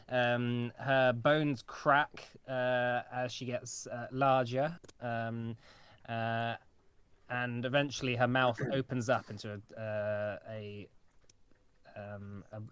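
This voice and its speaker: A man narrating a tabletop game as game master, with many pauses and fillers. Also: medium pitch, clear, resonant tone, dry recording.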